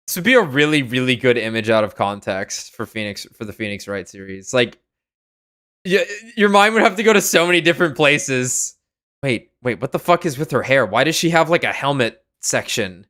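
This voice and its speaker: Streamer, young man: loose, jokey, swears, animated up-and-down delivery. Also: mid-range voice, normal speed. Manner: rambling, joking, swears freely. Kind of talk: casual game let's-play commentary.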